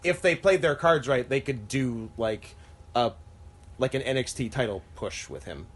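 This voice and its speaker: A man's voice: expressive, normal speed. A man co-hosting a podcast, chatting casually and rambling with frequent laughs. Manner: rambling, laughs often, trails off lower. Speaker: podcast co-host. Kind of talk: casual wrestling chat.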